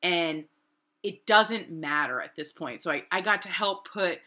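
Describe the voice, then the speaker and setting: Bright, animated New woman storyteller. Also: unhurried. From New Hampshire, USA. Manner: animated, acts out quoted voices with big pitch jumps. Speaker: artist telling her story. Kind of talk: casual storytelling.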